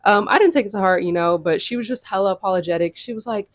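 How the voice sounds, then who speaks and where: In a dry, studio-quality recording, a young adult woman with a mid-range voice tells a storytime vlog at a brisk clip. She keeps it casual and chatty, leaning on "like" and regularly addressing viewers as "y'all," as YouTube storytellers do.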